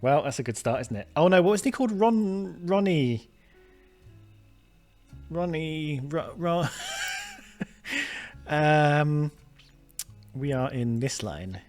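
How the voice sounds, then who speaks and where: A man's voice: a little high, animated, takes it slowly, pauses often, darkish tone, soft background music. A man casually commenting on a detective game as he plays, thinking aloud with lots of fillers and restarts, chatty and self-mocking. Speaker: gaming video host. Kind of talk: casual let's-play commentary.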